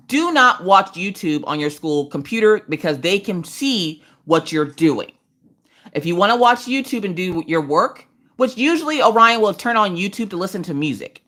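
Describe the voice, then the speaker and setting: A woman in her thirties hosting a livestream from her couch at home, chatting casually and telling animated stories, slipping into voices for the people she quotes. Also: fairly low pitch. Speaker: livestream host. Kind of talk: casual chat while crafting.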